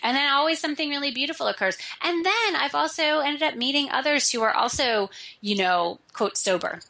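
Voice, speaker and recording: Bright, eager woman coach. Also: high-pitched, expressive, fairly quick, vocal fry. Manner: enthusiastic, laughs often, many fillers. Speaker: podcast guest, coach. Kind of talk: casual conversation.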